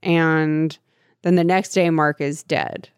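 A woman's voice: low voice, steady tone, takes it slowly, smooth, no echo, clean studio sound. A woman in casual chat, breezily summarizing a plot and skipping ahead. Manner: breezy, skips ahead with "blah blah". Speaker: podcast co-host.

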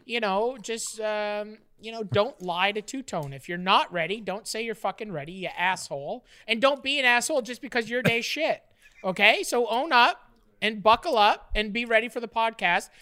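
A woman's voice: on the high side, animated, moderate pace, sharp tone. A woman co-hosting a podcast, teasing her partner in casual banter, profane and prone to restarts. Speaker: podcast co-host.

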